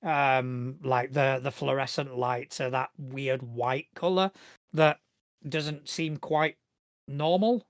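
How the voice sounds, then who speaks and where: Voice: mid-range voice, fairly even intonation, slow pace, dry recording, studio quality. A game master narrating a tabletop game in a loose, descriptive way, with many fillers and restarts.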